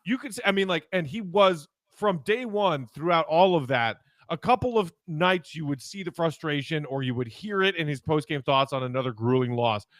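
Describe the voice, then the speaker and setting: High-pitched male sports podcast host. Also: expressive, normal speed, hardly any pauses, fairly bright tone, no room sound. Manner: conversational, analytical, steers the talk. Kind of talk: casual sports podcast chat.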